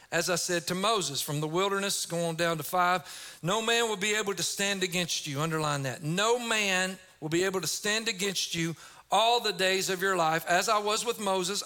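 High, bright-voiced energetic preacher man. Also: normal speed. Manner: energetic preaching, rising to emphatic shouts. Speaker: pastor. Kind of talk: sermon.

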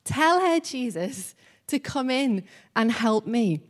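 A woman's voice: a little high, moderate pace, lightly acted. A woman voicing a frazzled, overworked woman who pleads for help and repeats herself in exasperation. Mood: exasperated.

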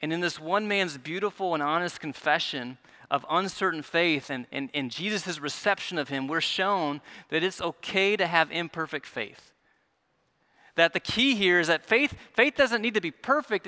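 Male pastor, higher voice with a bright edge, earnest sermon delivery that dips soft and swells. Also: normal speed. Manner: earnest, stumbling repetitions, drops soft then rises.

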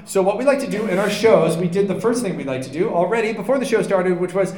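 Man, high-pitched, rambling live-panel host, jokey, lots of ums, echoey convention room. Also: animated, quick pace, darkish tone, slight background noise. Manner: rambling, joking, many fillers. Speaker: podcast co-host. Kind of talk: live podcast panel chat.

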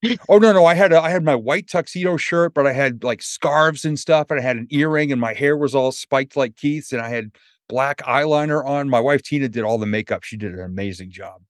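A man's voice: medium pitch, a little fast, no echo, clean studio sound. A middle-aged man from New Hampshire, a motivational speaker telling a story in a podcast interview and acting out the voices of people he quotes. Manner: animated storyteller who acts out quoted voices.

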